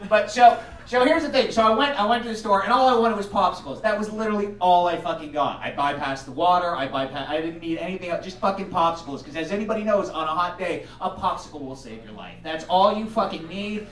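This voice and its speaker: Profane rambling comedian, roomy and distant. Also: male voice, high voice, expressive, fast, hardly any pauses, a bit bright. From United States. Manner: profane, rambling, laughs at his own lines. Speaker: stand-up comedian. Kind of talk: stand-up comedy set. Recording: roomy sound picked up from a distance.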